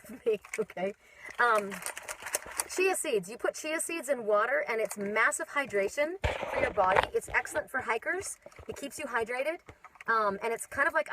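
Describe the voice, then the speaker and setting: A woman's voice: on the high side, background noise. Chatty spiritual reader woman outdoors. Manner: chatty, rambling, animated. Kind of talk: casual live-stream chat. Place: outdoors in the mountains. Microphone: phone.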